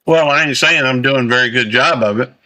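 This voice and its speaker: A man hosts a casual livestream while he eats, his voice bright and forward at an ordinary middle pitch. He rambles, stalls on fillers and circles back over his own words. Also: rough recording. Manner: rambling, halting, full of fillers. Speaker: livestream host.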